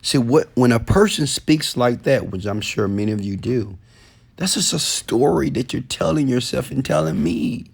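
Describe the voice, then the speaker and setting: A man giving a motivational talk, preachy, repeating phrases and swinging between low murmurs and a raised voice. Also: expressive, moderate pace, vocal fry, slightly rough. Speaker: motivational speaker.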